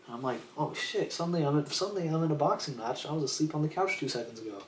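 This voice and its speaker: This young man's voice runs on the high side, expressive and racing, as he tells a meandering story on his livestream. Relaxed and freely profane, he acts out quotes, recorded in an echoey room with faint ambient noise.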